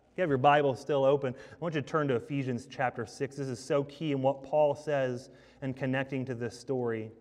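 Emphatic preacher in a reverberant hall. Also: male voice, medium pitch. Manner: emphatic, asks rhetorical questions. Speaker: pastor. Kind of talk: sermon.

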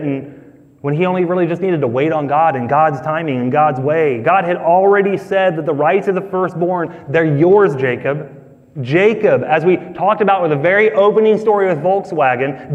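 A male pastor preaching a sermon in a conversational, emphatic way, asking his listeners questions. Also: a little high. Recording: echoey hall, dull sound.

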